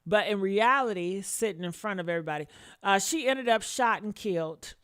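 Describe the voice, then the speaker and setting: A woman's voice: medium pitch, a little fast. A woman in her fifties giving casual live commentary on a crime case, blunt and profane, talking straight to her viewers. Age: 50s. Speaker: commentary vlogger.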